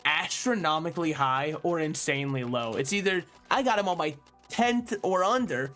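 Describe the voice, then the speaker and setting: A man's voice: fairly high pitch, moderate pace, a bit bright, faint music behind. A young man rambling and joking as he streams a game, laughing often. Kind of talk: rambling live-stream commentary while gaming.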